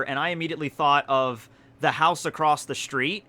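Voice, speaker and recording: Excitable young man telling stories. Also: on the high side, normal speed. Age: 20s. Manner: excitable, swears often, laughs through the story. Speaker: YouTuber. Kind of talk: casual storytelling vlog.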